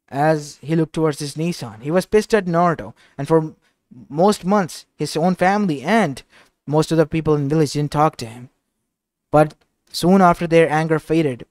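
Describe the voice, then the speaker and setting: A man's voice: on the high side, moderate pace, darkish tone, dry recording. A man narrating a fan-fiction story in a casual, rambling way, often restarting his sentences.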